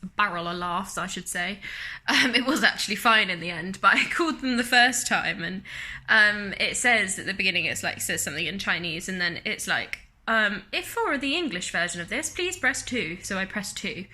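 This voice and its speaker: A woman's voice: mid-range voice, lively intonation, normal speed, bright, forceful tone. A young woman from the UK, vlogging in a casual, chatty, self-mocking way, retelling her story with lots of laughter. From United Kingdom.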